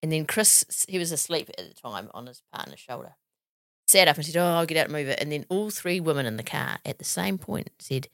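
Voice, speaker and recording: A woman's voice: deep voice, big pitch swings, fairly quick, gravelly, fairly bright tone, no room sound, clean studio sound. A woman co-hosting a podcast, chatting and telling a story in a blunt, laughing way. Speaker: podcast co-host. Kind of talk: casual chat, storytelling.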